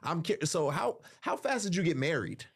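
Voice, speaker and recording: A man's voice: fairly high pitch, sing-song, moderate pace, breathy edge. A man hosting a conversational interview, asking questions and backing up his guest with frequent murmurs of agreement. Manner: encouraging, frequent affirming murmurs. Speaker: interview host.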